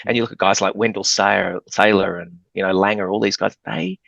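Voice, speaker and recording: A man's voice: lowish voice, steady tone, brisk, creaky, fairly bright tone, no echo, highs cut off. An Australian man, a former basketball player turned commentator, talking at length as a podcast guest and telling rambling stories. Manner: rambling, talkative storyteller. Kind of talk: casual podcast interview.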